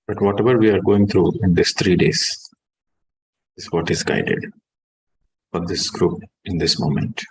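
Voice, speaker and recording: A man, a meditation teacher guiding a session and then giving a calm, measured spiritual talk that stresses key words. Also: low-pitched, slight background noise, rough recording.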